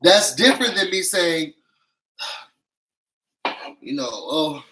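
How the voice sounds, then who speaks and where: Male show reviewer, bright and sassy, emphatic, slightly high voice. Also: expressive, drawn-out words, poor audio. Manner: sassy, emphatic, acts out quotes. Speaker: YouTube reality-show reviewer. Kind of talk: animated recap commentary.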